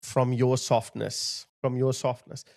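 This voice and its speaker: A man's voice: mid-range voice, little pitch movement, takes it slowly, gravelly, a little mellow. A man giving impassioned video commentary, emphatic and indignant, driving his points home by repeating phrases. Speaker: political commentator.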